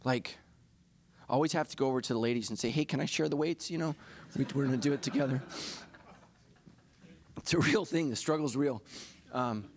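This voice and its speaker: A man's voice: mid-range voice, brisk, long pauses, slight background noise. A middle-aged man, a pastor, preaching a sermon in a confessional, self-deprecating way that builds to impassioned preaching.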